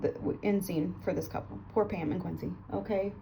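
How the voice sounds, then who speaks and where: A woman teaching nursing students, telling a playful story quickly and stopping to check in with "okay?" after almost every point. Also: lowish voice, fairly even intonation, vocal fry, warm tone, a little hiss or hum. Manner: fast, chatty, playful, keeps checking with "okay?". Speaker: nursing tutor.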